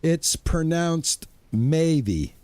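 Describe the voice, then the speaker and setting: A man's voice: a little high, big pitch swings, extremely slow, a little mellow, dry recording. A middle-aged man streaming a game, chatting casually and greeting viewers by name, often restarting his words. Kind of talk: casual live-stream chat.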